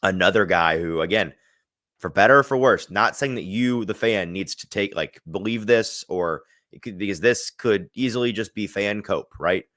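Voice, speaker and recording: A man's voice: lowish voice, normal speed, a bit bright, no room sound, studio quality. A man hosting a sports podcast, talking through football analysis in a thoughtful, rambling way with frequent restarts.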